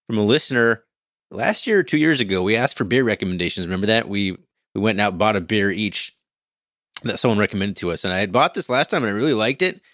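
Laid-back man with a low voice. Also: lively intonation, quick pace, fairly bright tone, dry recording, studio quality. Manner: laid-back, chuckling often, rambling. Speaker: podcast co-host. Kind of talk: casual podcast chat.

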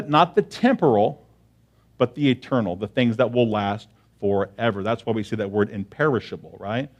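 A man preaching a sermon to his congregation in a conversational way, often checking in with "right?" and repeating key phrases for emphasis. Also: mid-range voice. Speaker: pastor.

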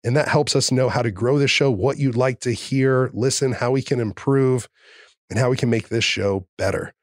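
A man's voice: mid-range voice, moderate pace, dry recording, clean studio sound. A man hosting a podcast, talking in an earnest, grateful, effusive way. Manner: warm, earnest and effusive with praise. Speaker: podcast host. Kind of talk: casual podcast interview.

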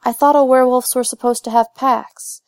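A nervous teenage ghost boy asks hesitant, curious questions, as a woman reads him aloud. His lines sit a little higher and louder than the narration, with a gravelly edge, in a dry, close recording. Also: steady tone, normal speed, dry recording. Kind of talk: fan fiction audiobook reading.

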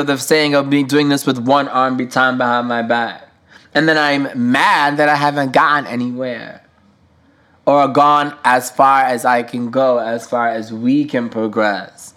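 A man hosts a solo podcast, speaking candidly and emotionally in a relaxed, slangy way. He swears freely and leans on fillers as he thinks aloud. His voice sits at an ordinary middle pitch. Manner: casual, slangy, with frequent fillers. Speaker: podcast host.

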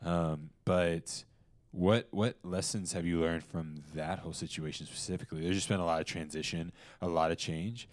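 A man's voice: low-pitched, fairly even intonation, normal speed, no room sound. A young man hosting a casual podcast chat, rambling through fillers and restarts. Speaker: podcast host.

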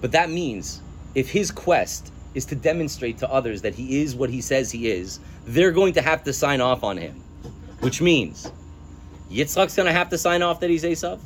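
A man leads a scripture study class with a lively, swooping delivery. He is emphatic, breaks into quoted verses, and laughs at his own points. A faint hum of room tone sits underneath. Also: mid-range voice, normal speed. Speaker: religious studies teacher. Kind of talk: text-study lecture with a class.

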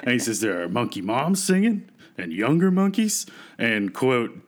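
A man co-hosting a podcast, casually retelling a myth in a lively, jokey way. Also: mid-range voice, unhurried. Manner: lively, jokey, laughs often. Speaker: podcast co-host.

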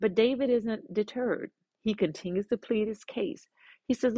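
Animated woman storyteller, dry sound. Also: fairly high pitch, normal speed, no room sound. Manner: animated, with conversational asides. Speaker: podcast host. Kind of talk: storytelling narration.

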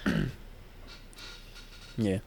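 A man's voice: drawn-out words, a little mellow, slight background noise. A young man in casual chat, rambling and joking with friends, laughing often.

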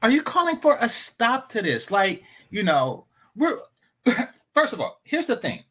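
Sarcastic high bright-voiced man commentator. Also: huge pitch swings, a little slow. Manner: sarcastic, talks back to clips. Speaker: commentary streamer. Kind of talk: casual reaction commentary.

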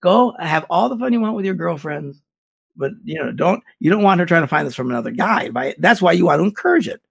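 A man giving blunt, animated relationship advice in a casual chat. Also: fairly high pitch, quick pace, vocal fry, breathy edge.

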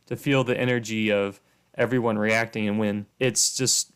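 A man co-hosting a casual podcast, laying out his view in a steady, measured way. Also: fairly low pitch, clean tone. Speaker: podcast co-host.

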